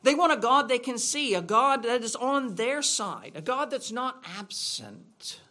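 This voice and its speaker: A man's voice: extremely high pitch, sing-song, unhurried, bright, forceful tone. A man preaching a sermon in a church, asking rhetorical questions in a conversational way. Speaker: pastor.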